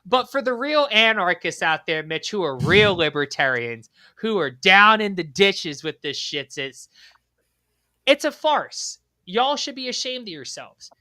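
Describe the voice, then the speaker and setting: Bright, high-pitched profane podcast host. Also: male voice, very animated, measured pace, no echo. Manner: profane, rambling rhetorical questioning. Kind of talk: casual political podcast chat.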